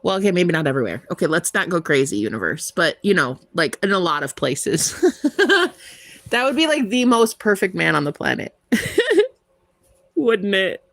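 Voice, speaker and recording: A woman's voice: on the low side, very animated, normal speed, vocal fry, a bit bright, dry recording. Giggly young woman chatting with viewers. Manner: giggly, rambling, playful, lots of "like". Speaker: tarot reader livestream host. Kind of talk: casual chat with live viewers.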